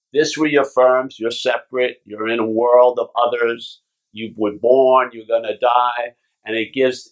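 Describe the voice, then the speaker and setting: A man gives a spiritual teacher's talk at a retreat. His delivery is casual and blunt, with the odd curse word and a habit of asking "yeah?" to keep the room with him. His voice sits at an ordinary middle pitch for a man. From Long Island, New York. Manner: casual and blunt, with swearing and frequent checks of "yeah?". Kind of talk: talk to a retreat group, reading passages aloud. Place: retreat gathering.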